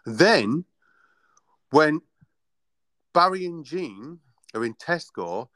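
Playful man, lively jokey host. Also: a little high, drawn-out words, no echo, studio quality. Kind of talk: casual chat.

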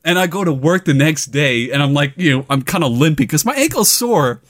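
A young man casually telling a funny personal story, laughing often and acting out his own yelling. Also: fairly high pitch, animated, fairly quick.

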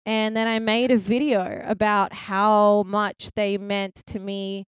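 Chatty Australian woman, crisp voice. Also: medium pitch, slow pace, no room sound. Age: 30s. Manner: chatty, animated storytelling with lots of fillers. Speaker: podcast guest. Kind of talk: casual chat.

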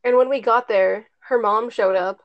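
A teenage girl rambles through a story to her friends, packing in plenty of "like" and a bit of swearing. Her voice is on the high side with fairly even intonation and a moderate pace, captured on a dull lo-fi recording.

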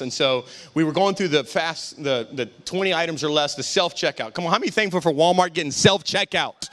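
A man's voice: on the high side, fairly bright tone. A middle-aged man preaching a sermon as pastor, fervent and calling out to the congregation, then telling stories in a chatty, joking way.

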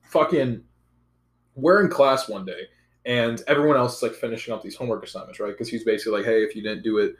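A young man in casual chat, telling a profane, animated story about school. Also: medium pitch, fast. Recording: roomy echo.

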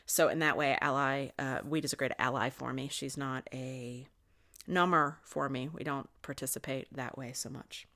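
A woman's voice: rumbling low, fairly even intonation, normal speed, pushed and bright. A middle-aged woman hosting a podcast, giving a candid, confessional spiritual monologue and swearing freely. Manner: candid, swears often, talks openly about her feelings. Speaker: podcast host.

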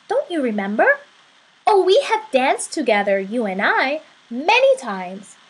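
A woman's voice: sits high, voice pushed up, exaggerated voice, rough recording. A woman doing a tender, wise spirit friend. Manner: gentle, tender, reassuring. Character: kind, wise, loving spirit companion. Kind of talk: storybook reading.

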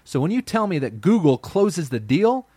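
A man's voice: a little high, big pitch swings, normal speed, warm tone, husky, no room sound. A man co-hosting a podcast in casual chat, argumentative and teasing. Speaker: podcast co-host.

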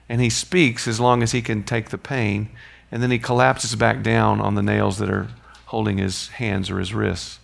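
A man's voice: fairly low pitch, vocal fry, fairly bright tone. A man teaching a Bible study in a conversational way, often checking in with his listeners.

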